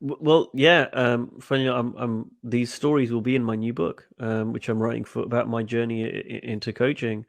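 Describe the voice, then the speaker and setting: A man's voice: medium pitch, steady tone, normal speed, vocal fry, hardly any pauses, no echo. A middle-aged man, a coach, telling stories in a webinar, often repeating words and acting out quoted dialogue. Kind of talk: webinar interview answers.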